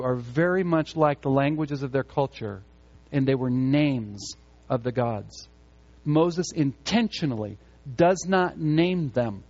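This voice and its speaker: A man's voice: on the high side, darkish tone. A man preaching a sermon with emphasis, repeating key phrases to drive them home. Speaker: pastor. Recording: muffled lo-fi sound.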